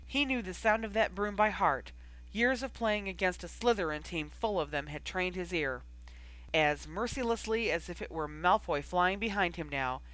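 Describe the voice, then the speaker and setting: An audiobook narrator with a bright, forceful tone and a steady, expressive storytelling manner. The voice sits at a middle pitch and is recorded dry and close. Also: no room sound, rough recording. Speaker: audiobook reader. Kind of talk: fan fiction audiobook narration.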